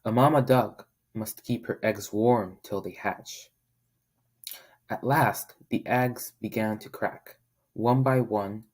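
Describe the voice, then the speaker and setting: A man reading a children's picture book aloud as a volunteer, in a friendly, steady manner. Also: on the low side. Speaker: volunteer storybook reader.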